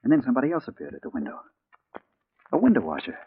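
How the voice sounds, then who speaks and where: A man's voice: mid-range voice, wildly swooping pitch, very fast, a little hiss or hum. A man playing a hard-boiled male crime reporter in a 1940s radio drama, narrating and talking in an urgent, anxious way. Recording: tinny old 1940s radio broadcast.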